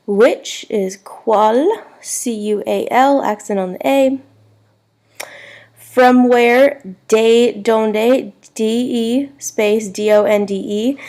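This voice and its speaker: A woman's voice: medium pitch, mellow. A woman teaching a recorded Spanish lesson, spelling words out letter by letter.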